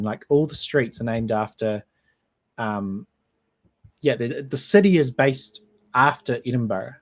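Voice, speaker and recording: A man from New Zealand, speaking with a New Zealand accent in a voice of ordinary pitch. He hosts a relaxed livestream and rambles from one thought to the next. He keeps replying to viewer comments as he goes. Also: measured pace, long pauses. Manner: rambling, chatty, reads out and answers viewer comments. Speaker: whisky channel host. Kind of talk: casual livestream chat.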